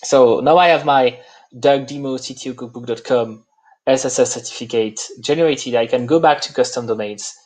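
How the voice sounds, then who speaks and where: A man with a French accent, a native French speaker, walking through a live software demo and pausing often on "uh". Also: mid-range voice. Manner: halting, many "uh" fillers. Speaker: presenter.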